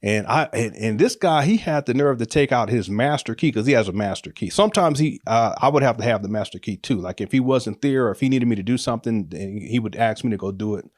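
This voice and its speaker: A man's voice: mid-range voice, fast talker, few pauses, no echo, clean studio sound. Man telling a story, laughing often. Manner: animated, laughs often, acts out quotes with raised voice. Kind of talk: casual personal storytelling.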